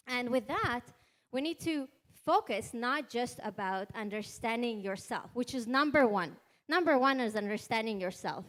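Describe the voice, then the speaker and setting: A woman behavioral analyst speaking on a conference panel, energetic and demonstrative, putting questions to the audience. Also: fairly high pitch. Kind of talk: panel discussion answer. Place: conference hall.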